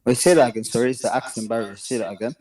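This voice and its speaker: A man's voice: medium pitch, racing, darkish tone. A man calling into a live debate who talks casually and hesitantly, often asking for the point to be repeated. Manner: hesitant, asks for repeats and clarification. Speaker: caller.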